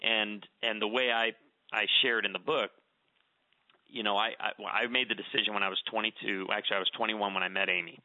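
A man's voice: lowish voice, steady tone, brisk, bright, forceful tone, no room sound. A middle-aged man speaking earnestly in a conversational interview, often repeating words as he starts a thought. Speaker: radio show guest speaker on marriage. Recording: dry, narrow phone-like sound.

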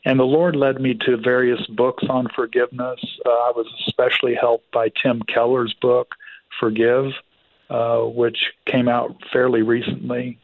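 A man speaks as a guest over a tinny, dry phone line. His voice is flat and steady, and his manner is reflective and confessional as he measures his words. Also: mid-range voice, a little slow, creaky, no room sound. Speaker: guest psychologist and author. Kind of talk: interview.

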